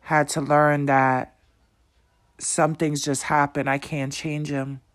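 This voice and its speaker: A man speaking as a motivational speaker, preaching in a slow, emphatic way with repeated rhetorical questions. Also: fairly high pitch, level tone, a bit bright. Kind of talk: motivational monologue.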